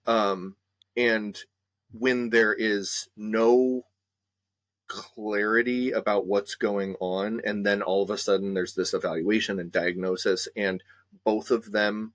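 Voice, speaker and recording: A man speaking as a therapist guest in a conversational discussion, measured and hesitant, with many fillers. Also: lowish voice, steady tone, fairly bright tone, no room sound.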